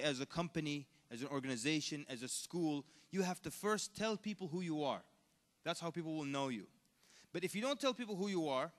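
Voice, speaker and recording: A man giving a conversational, animated lecture at a convention, asking the audience questions as he goes. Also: fairly high pitch. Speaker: Islamic lecturer. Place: large convention hall. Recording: echoey hall.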